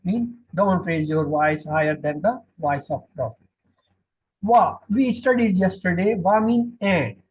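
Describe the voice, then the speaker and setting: A man teaching a classroom Quran lesson, drilling each word slowly and repeating the meanings. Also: high-pitched, animated, low-quality recording. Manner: slow, repetitive, drilling word by word.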